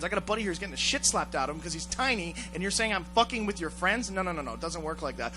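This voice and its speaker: A man telling a rough story on a casual talk show, swearing a lot and acting out the voices of the people in it. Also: high-pitched, fast, hardly any pauses, a little hiss or hum, poor audio. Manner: profane, animated, acts out voices in his story. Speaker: podcast host telling a story.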